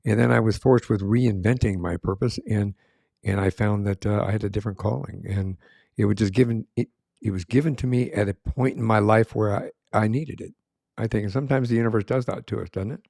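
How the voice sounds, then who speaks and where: A man's voice: fairly low pitch, fairly even intonation, fairly quick, creaky, dark tone, dry recording, clean studio sound. A man hosting a podcast interview, affirming his guest and asking long, winding questions. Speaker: podcast host. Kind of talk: interview conversation.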